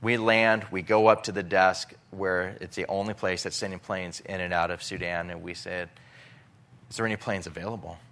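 A man's voice: sits low, steady tone, normal speed, a bit bright, slight background noise. A middle-aged man telling an emotional personal testimony about relief work, with many restarts and acted-out dialogue.

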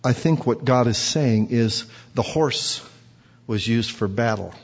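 A man's voice: medium pitch, slow, husky. A man preaching a sermon who quizzes the congregation and acts out quotes. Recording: dull recording with long hall reverb.

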